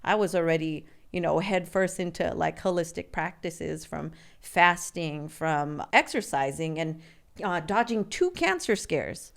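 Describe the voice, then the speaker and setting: A woman's voice: on the low side, expressive, gravelly. A woman in her forties from California, a podcast guest telling her life story in a candid, earnest way. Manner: earnest and open, with halting restarts.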